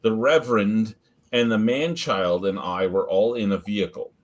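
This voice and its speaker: A man's voice: fairly low pitch, normal speed. A man hosting a beer review stream, telling an anecdote and swearing freely. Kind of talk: casual profane storytelling.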